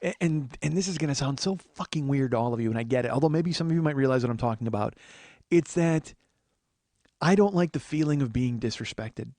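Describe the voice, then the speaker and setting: A man's voice: mid-range voice, a little fast, a little mellow, no echo. Comedian host, middle-aged man, exasperated profane storyteller, bone-dry mic. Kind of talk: storytelling monologue.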